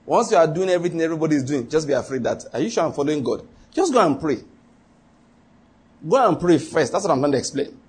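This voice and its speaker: A man's voice: on the high side, expressive, fast, slightly rough. A man preaching a sermon as pastor, emphatic and repetitive, often quizzing the congregation with rhetorical questions.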